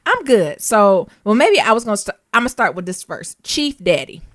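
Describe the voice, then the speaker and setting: An American woman co-hosting a podcast in casual chat, slangy and animated, laughing often and spelling words out. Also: medium pitch, moderate pace, no room sound, clean studio sound. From United States. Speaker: podcast co-host.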